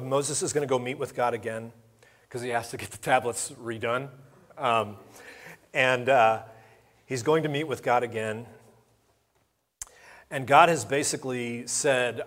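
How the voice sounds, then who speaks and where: A man's voice: medium pitch, a bit bright. A man preaching a sermon in a conversational, storytelling way, acting out the lines of the people in his stories. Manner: conversational storytelling with acted-out dialogue. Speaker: pastor.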